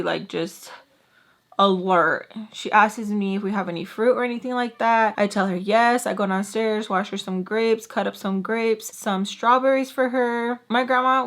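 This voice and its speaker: A woman telling a storytime vlog in an animated, chatty way, full of fillers. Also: medium pitch, a little slow, gravelly. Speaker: vlogger. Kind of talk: storytime while doing makeup.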